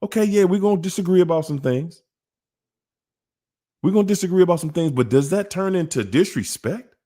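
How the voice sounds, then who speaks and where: A man's voice: sits high, expressive, brisk, dark tone. A man, hosting a casual monologue about relationships in an emphatic, repetitive, preachy way. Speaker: host.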